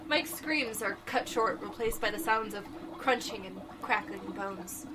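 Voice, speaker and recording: A woman co-hosting a podcast, reading a horror comic aloud in an unhurried, dramatic way. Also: medium pitch, sharp tone, slight background noise. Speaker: podcast co-host.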